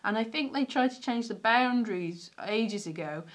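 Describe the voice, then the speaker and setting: Sitting on the stairs at home, a Welsh comedian chats casually on a livestream, rambling, greeting viewers and restarting her sentences. Her voice is a little high, with lively intonation and a moderate pace.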